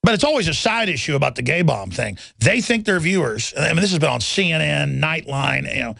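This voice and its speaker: A man rants through a radio talk monologue, rambling and combative, and slips into sneering impressions of his critics. His voice is heavily gravelly and a little high. The studio sound is dry and close. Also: very animated, brisk, pushed and bright, dry recording. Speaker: radio talk show host.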